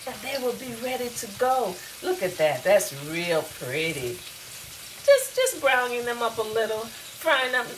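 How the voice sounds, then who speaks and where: This cooking host from the American South has a fairly high, sing-song voice and speaks a little slowly, chatting straight to viewers in her home kitchen. The low-quality recording has slight background noise, with food frying loudly in a pan behind her.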